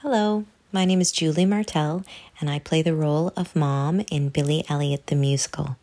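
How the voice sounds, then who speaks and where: A woman in her mid-forties, a stage actor giving a calm, unhurried scripted self-description. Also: low voice. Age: 40s.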